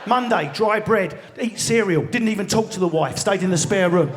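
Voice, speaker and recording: Essex stand-up, bright high voice, fast sweary rants with shouted bursts, live theatre mic. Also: male voice, a little hiss or hum. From England. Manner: rapid, swearing, mock-outraged rants with frequent shouting. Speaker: stand-up comedian. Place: large theatre stage. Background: audience laughter.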